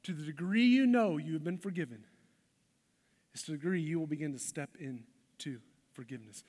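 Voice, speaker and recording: A man with a high voice preaches to a church congregation, swinging from hushed, intimate lines to passionate, emphatic peaks. His words ring out with a long hall reverb. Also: a little fast. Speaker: pastor. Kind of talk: sermon. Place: church sanctuary.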